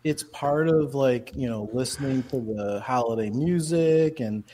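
A man's voice: medium pitch, a little slow, over a noisy crowd. A man co-hosting a podcast in casual chat, rambling with lots of fillers and restarts. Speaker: podcast co-host.

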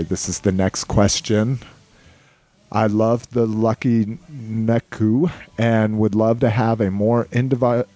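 A man's voice: lowish voice, warm tone, no room sound. A man hosting a casual podcast, reading listener questions aloud and chuckling often in an easygoing way. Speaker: podcast host.

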